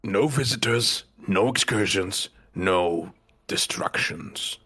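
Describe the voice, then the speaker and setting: A man playing a cold, furious aristocratic father who speaks each word precisely and venomously, with a husky voice, in a fantasy audio drama. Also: deep voice, slow, pushed and bright, heavily acted. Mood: cold fury.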